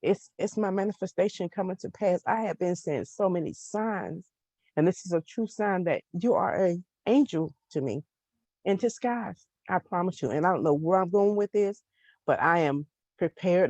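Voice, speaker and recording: A woman's voice: on the low side, moderate pace, a little mellow, dry recording. Tearful, heartfelt woman on a group call. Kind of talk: emotional testimony and question. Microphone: video call.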